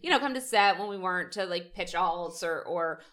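Lower-voiced woman chiming in eagerly. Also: lively intonation, brisk, a bit bright. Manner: eager, chiming in and prompting stories. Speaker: guest. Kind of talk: casual chat.

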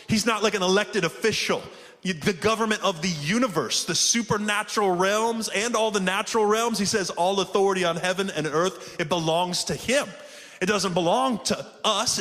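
In a reverberant hall, a pastor with a high, fairly bright voice preaches fervently. He calls out to his congregation and says "man" a lot.

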